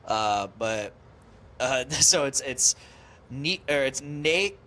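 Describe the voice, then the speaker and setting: A man hosting a podcast in casual chat, excitable, swearing often and laughing a lot. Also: medium pitch, slow. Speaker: podcast host.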